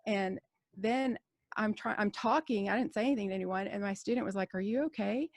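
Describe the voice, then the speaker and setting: A woman's voice: medium pitch, brisk, dry recording, studio quality. A woman in her forties, a nurse co-hosting a podcast, telling a story in candid, rambling casual chat full of fillers and restarts. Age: 40s.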